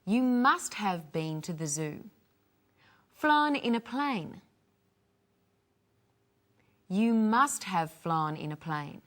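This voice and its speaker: A woman teaching English phrases, clearly modelling each one for learners to repeat. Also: mid-range voice, big pitch swings, very slow, long pauses, a bit bright. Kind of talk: slow teaching with repeat-after-me drills.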